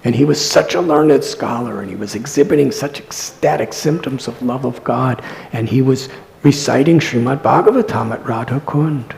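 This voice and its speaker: A man, a monk, telling devotional stories in a scripture class at a temple, soft-spoken and often dropping to near-whispers. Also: mid-range voice, normal speed, vocal fry, a little hiss or hum, poor audio. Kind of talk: devotional lecture storytelling.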